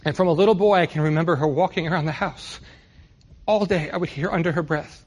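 A man's voice: on the high side, a little fast. A middle-aged man from New York City preaching a conversational sermon, often putting rhetorical questions to his listeners. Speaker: pastor.

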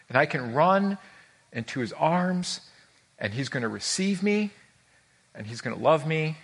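Male pastor, fairly high voice, earnest sermon delivery, emphatic with heartfelt stumbles. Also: expressive, a little slow, pauses often. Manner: emphatic, earnest preaching with pitch that climbs on key words; stumbles and repeats words when moved. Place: before a live congregation with a screen.

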